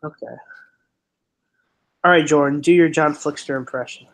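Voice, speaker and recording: Rambling excitable young male streamer. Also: a little high, normal speed. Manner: rambling, excitable, many fillers. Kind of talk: casual chat on a stream.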